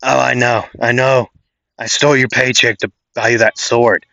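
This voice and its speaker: A man's voice: mid-range voice, little pitch movement, normal speed, creaky, bright, forceful tone, no echo, dull audio. A man voicing a smug, teasing male captain with a playful, chuckling delivery.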